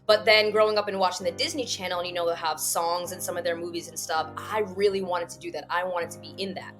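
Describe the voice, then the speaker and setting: Woman, voice actress guest, bright forceful tone, upbeat, slightly low pitch, faint music behind. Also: fairly even intonation, fast talker. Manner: upbeat, laughs often. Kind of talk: casual podcast interview.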